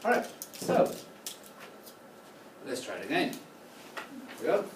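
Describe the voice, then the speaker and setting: A man teaching choral conducting in a classroom, coaching students with a steady run of questions. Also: medium pitch, unhurried. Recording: roomy, distant, noisy classroom recording.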